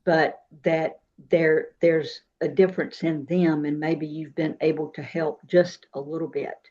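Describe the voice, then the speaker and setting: A woman, a psychic and Reiki practitioner, talking in an unhurried, soft-spoken way as an interview guest. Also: low-pitched, level tone, highs cut off. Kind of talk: casual interview talk.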